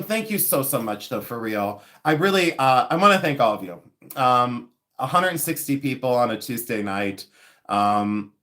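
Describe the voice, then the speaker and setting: Guy doing a jewelry livestream, kinda high voice, jokey and rambling, laughs at himself a lot. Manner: chatty, self-mocking, laughs often. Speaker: livestream host selling vintage jewelry. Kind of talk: casual live-stream chat.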